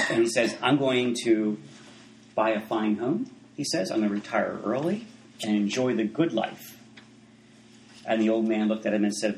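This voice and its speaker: A man's voice: mid-range voice, moderate pace, echoey room, a little hiss or hum, poor audio. A man preaching a sermon in a conversational way, full of asides and restarts.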